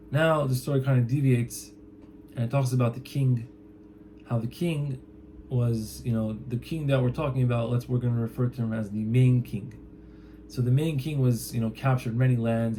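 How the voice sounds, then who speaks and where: A man's voice: mid-range voice, dark tone, a little hiss or hum. A man casually retelling a traditional story from memory, chatty and loose, with lots of fillers and "he's like" quotes. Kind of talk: casual spoken retelling of a folk tale.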